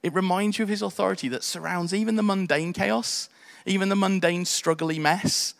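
A man, preaching a sermon in an animated storytelling way. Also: sits high, moderate pace, gravelly, in a large hall. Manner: animated storytelling, acts out quotes in voices.

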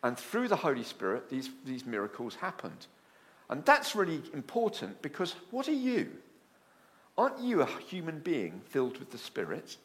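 A man preaching a sermon with a lively, rising and falling voice. He tells stories with animated asides and keeps the congregation engaged. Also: medium pitch. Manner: animated storytelling with acted asides.

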